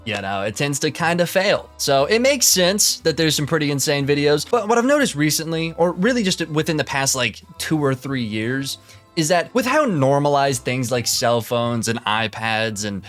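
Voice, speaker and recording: A man's voice: on the high side, big pitch swings, normal speed, fairly bright tone, faint music behind. A man giving casual reaction commentary, rambling and swearing often, with many fillers and restarts. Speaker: commentary YouTuber.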